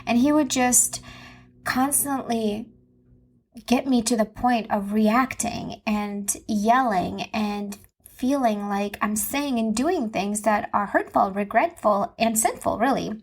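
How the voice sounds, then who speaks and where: Earnest, slightly husky woman podcaster. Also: on the high side, slow. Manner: earnest and confessional, with emphatic repetition. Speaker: podcast host and Christian mom coach. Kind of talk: personal podcast monologue. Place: home.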